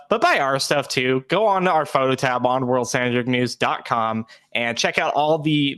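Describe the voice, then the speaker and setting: A man's voice: pushed and bright, clean tone. A man co-hosting a podcast, giving an easygoing plug for photo downloads. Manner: laughing, easygoing promo pitch. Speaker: podcast co-host. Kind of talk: casual chat and plug.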